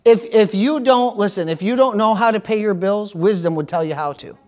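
A man's voice: sits high, brisk. A man preaching a sermon as pastor, calling out for amens and repeating key phrases for emphasis.

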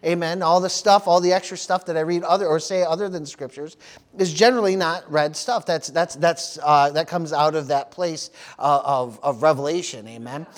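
A man's voice: a little high, normal speed. A man preaching a sermon as pastor, often stopping for amen, praise the Lord and hallelujah, repeating words as he goes. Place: church service.

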